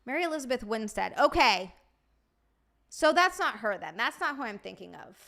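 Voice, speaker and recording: A woman's voice: a little high, sing-song, moderate pace, vocal fry, pushed and bright. A young woman streamer chatting casually, swearing freely and answering her live chat.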